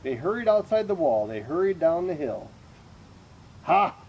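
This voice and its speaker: A man reading a children's picture book aloud in an expressive, animated way. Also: on the high side, a little fast, highs cut off, slight background noise. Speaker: reader.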